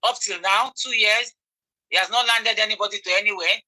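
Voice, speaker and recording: A woman with a Nigerian accent delivers impassioned commentary, driving each point home by repeating it. Her voice is strikingly bright and sharp. She pleads with her listeners and stays insistent throughout. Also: medium pitch, fairly even intonation, brisk, low-quality recording. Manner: emphatic, repeats phrases. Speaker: online commentator.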